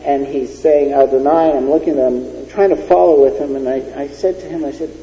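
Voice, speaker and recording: A man's voice: mid-range voice, steady tone, brisk, dark tone. A man preaching a sermon with an emphatic, storytelling delivery. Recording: dull lo-fi recording in an echoey hall.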